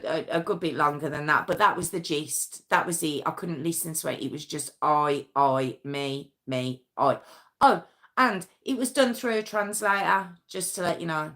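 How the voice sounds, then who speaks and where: A woman's voice: lowish voice, fairly bright tone. A woman hosting a true crime stream, giving indignant, skeptical commentary and reading out court statements with her own asides. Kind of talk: casual opinionated commentary.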